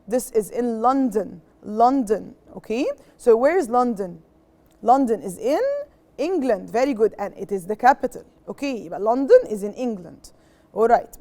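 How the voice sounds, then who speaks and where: A woman's voice: on the high side, mellow. Egyptian woman teaching English to children. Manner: patient, repeats words and checks understanding; switches between English and Arabic explanations. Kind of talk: classroom lesson to young pupils.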